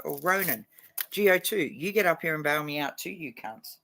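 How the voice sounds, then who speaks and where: A man's voice: on the high side, animated, normal speed, creaky, bright, forceful tone, slight background noise. A man chatting casually on a livestream, blunt and heavily profane, a little drunk and stoned. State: tipsy and stoned.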